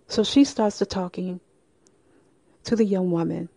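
Woman host, storytelling narration, low, mellow voice, dry and close. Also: vocal fry, no room sound. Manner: measured, storytelling. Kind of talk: telling a true story.

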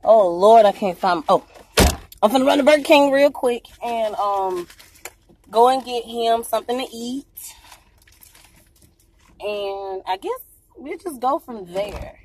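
Woman, casual vlog, bright high voice, very lively swoops, phone mic in a car. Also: unhurried, pauses often, slight background noise. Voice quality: breathy, a bit out of breath. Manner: chatty, excitable, laughs often. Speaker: vlogger and mom. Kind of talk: casual vlog talk to viewers. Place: inside a car while driving. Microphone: handheld phone camera.

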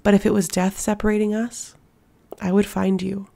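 A woman reading aloud plays a fierce warrior man, pained and protective, his words hushed then pressing hard. A gravelly rasp runs under the voice. It is an audiobook reading of a fantasy story. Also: medium pitch, little pitch movement, moderate pace, lightly acted. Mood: tender intense.

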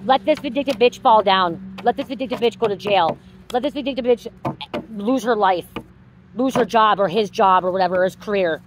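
A woman's voice: mid-range voice, fairly quick, background noise. A woman giving a psychic reading straight to her viewers, emphatic and repetitive, swearing freely and getting worked up as she goes. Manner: gets worked up and heated. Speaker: psychic card reader.

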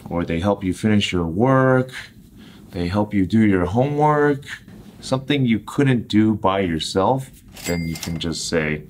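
A low-voiced American man teaches everyday English phrases. He speaks clearly and deliberately and acts out each example line. A faint room hum sits under his voice.

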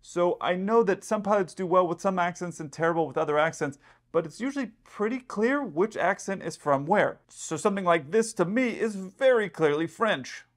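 A man's voice: sits high, lively intonation, normal speed. A man who is an airline pilot, casually talking through an incident and guessing aloud at what went wrong. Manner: chatty, explanatory, speculating aloud. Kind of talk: casual commentary.

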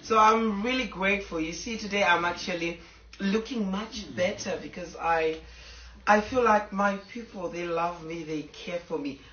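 A woman's voice: on the low side, normal speed, a bit bright, reverberant, far from the mic, lo-fi sound. A woman speaking to her fans in a casual, emotional and rambling live video from home, stopping now and then to tell her dogs to sit down. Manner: talks to fans, stops to scold her dogs. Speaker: social media personality. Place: home with a fireplace.

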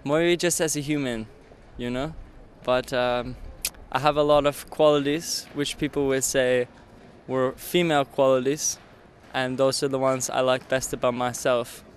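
A man's voice: mid-range voice, fairly even intonation, measured pace, few pauses, a little hiss or hum. A man answering an interview question reflectively, unsure of his answer. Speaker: student interviewee. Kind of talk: street vox pop answer.

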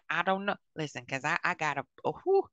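A woman's voice: deep voice, very animated, moderate pace, no room sound. A woman in her fifties giving blunt, outspoken advice to other women, often checking in with "okay?". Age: 50s. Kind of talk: frank advice monologue.

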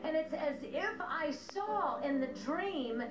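High-voiced woman telling a dream slowly. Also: lively intonation. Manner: solemn, repeats lines for emphasis. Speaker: prophetic minister. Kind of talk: recounting a prophetic dream. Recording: echoey with music behind.

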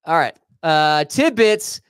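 A man's voice: fairly high pitch, lively intonation, takes it slowly, fairly bright tone, smooth, no room sound, clean studio sound. A man co-hosting a casual podcast, teasing his partner in a playful way and laughing often. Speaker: podcast co-host.

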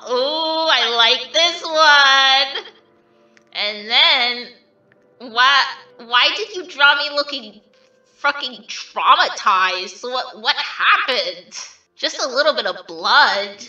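A woman's voice: sits high, expressive, slow, sharp tone, roomy sound, recorded from a distance, lo-fi sound, exaggerated voice. A woman voicing a vain, mischievous male triangle dream demon who reacts to fan art in a smug, theatrical, mock-offended way.

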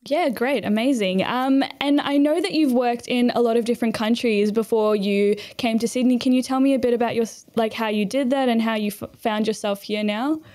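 A woman's voice: fairly high pitch, brisk, few pauses, darkish tone. A woman hosting a podcast interview, asking questions in a friendly, upbeat way. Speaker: podcast host. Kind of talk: scripted intro then casual interview.

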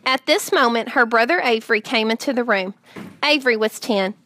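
A woman reading a children's novel aloud in a measured, gently expressive way. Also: on the high side. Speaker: audiobook narrator.

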